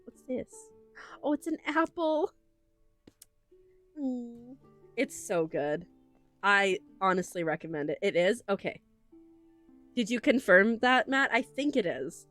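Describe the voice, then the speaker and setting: During a casual livestream, a young woman talks to her viewers while playing a game, gushing and emotional and using lots of fillers, close on a desk mic. Her medium-pitched voice swings widely and is a bit bright, and she speaks slowly with long pauses. Faint music sits behind her.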